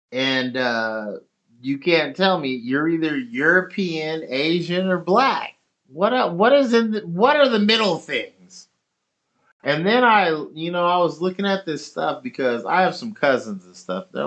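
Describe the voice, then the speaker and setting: A man's voice: mid-range voice, fairly bright tone, dull audio. A man talking casually on a stream, rambling and swearing as he tells an argumentative story.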